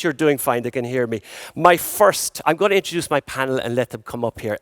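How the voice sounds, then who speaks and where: An Irish man moderates a conference panel from the stage, joking and chatting with the audience. His voice sits at an ordinary middle pitch. A long hall reverb trails each phrase. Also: fairly quick, hardly any pauses. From Ireland. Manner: jokey, chatty, works the crowd.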